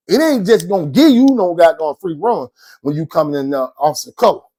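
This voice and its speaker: A man's voice: high voice, sing-song, a little fast, warm tone. A man, casually telling his own story in a slangy, rambling way and often checking in with the listener. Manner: slangy, rambling, keeps asking "you know what I'm saying".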